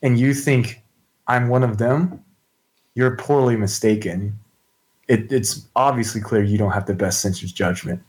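A man's voice: on the low side, unhurried, a little mellow, natural voice. A man playing a stern, demanding princess. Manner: firm, demanding and matter-of-fact. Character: stern, commanding young princess with a sword.

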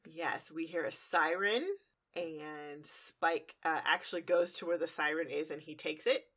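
A woman's voice: deep voice, unhurried, fairly bright tone. A woman co-hosting a casual chat, narrating a cartoon episode's plot in long run-on sentences with fillers. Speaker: podcast co-host recapping an episode.

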